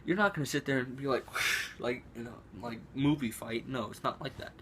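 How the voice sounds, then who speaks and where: A man's voice: mid-range voice, fast, fairly bright tone, slight background noise. A teenage boy telling a school story to camera in a casual, rambling way, with lots of fillers and restarts. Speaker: vlogger. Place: room at home.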